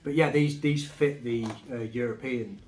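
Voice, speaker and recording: A man chatting casually about his game finds, relaxed and rambling with fillers. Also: medium pitch, unhurried. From England. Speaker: game collecting vlogger. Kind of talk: casual chat. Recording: echoey room, faint music behind.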